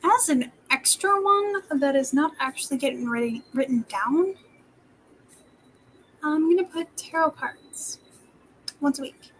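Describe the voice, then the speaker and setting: A young woman with a high voice talks through her plans in a relaxed, chatty way. She often sinks into soft, half-whispered asides as she writes things down. A faint hiss of background noise sits behind her. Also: unhurried, pauses often, rough recording. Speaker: vlogger. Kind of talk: casual planning vlog.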